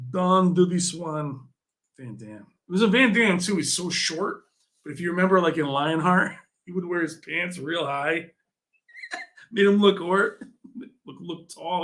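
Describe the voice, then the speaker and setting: A man hosting a casual community livestream chat, excitable and jokey, often laughing and teasing his viewers. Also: a little high, unhurried, pauses often. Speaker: livestream host.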